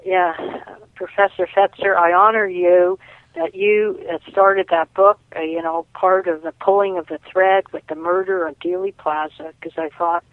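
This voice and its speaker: A woman's voice: lowish voice, fairly even intonation, moderate pace, no room sound. Rambling woman on a tinny phone line. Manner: rambling storyteller, many restarts. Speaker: caller and guest. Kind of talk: casual phone interview.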